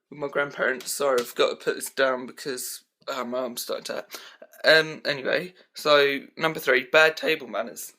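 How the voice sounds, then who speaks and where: A man's voice: a little high, bright, forceful tone. A young man casually ranting through a list of pet peeves for his vlog, rambling with lots of "um" and "like", recorded on a handheld camera at home. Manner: rambling, full of fillers like "um" and "like". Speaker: vlogger.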